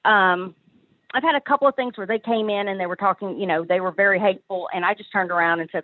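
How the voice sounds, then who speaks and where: A woman calling in to an advice show, her voice thin and tinny over the phone line. She talks haltingly, backing up and restarting her sentences. The sound is close and dry. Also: mid-range voice, dry recording. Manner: hesitant, halting, many restarts. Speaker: caller. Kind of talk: call-in advice conversation.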